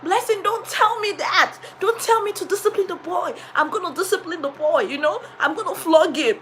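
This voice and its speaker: Nigerian woman doing a high stern school director. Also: moderate pace, fairly bright tone, slight background noise. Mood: scolding, insistent. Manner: insistent, repeating herself. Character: stern female school director, scolding and strict.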